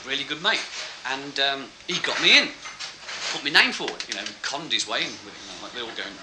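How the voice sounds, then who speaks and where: A man's voice: medium pitch, animated, brisk, background noise. A man telling a rambling, self-mocking stand-up story with laughing asides. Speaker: stand-up comedian.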